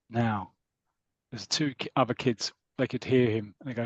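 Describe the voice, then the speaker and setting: A man's voice: medium pitch, normal speed, no echo. Chatty British man retelling a comic. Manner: chatty, rambling, lively when reading out characters' lines. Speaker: podcast host. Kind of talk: casual chat, retelling a comic story. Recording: dull lo-fi audio.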